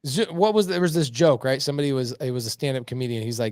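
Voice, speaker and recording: A middle-aged man telling blunt, animated stories as a podcast guest. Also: mid-range voice, quick pace, few pauses, no echo, studio quality. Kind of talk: casual podcast conversation.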